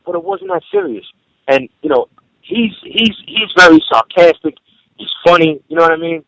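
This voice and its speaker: A rapper phoning in as a guest, telling stories in a rambling, profane way, full of "you know". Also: male voice, on the high side, huge pitch swings, moderate pace, vocal fry, a bit bright, dry recording. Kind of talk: casual storytelling over the phone. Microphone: phone. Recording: muffled phone line.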